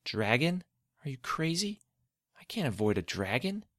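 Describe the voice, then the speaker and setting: A man's voice: medium pitch, big pitch swings, normal speed, fairly bright tone, no room sound, studio quality, pitched above the performer's own voice. A man voicing a frightened, distrustful boy in a storybook reading, with an anxious, pleading way of talking. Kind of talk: storybook narration.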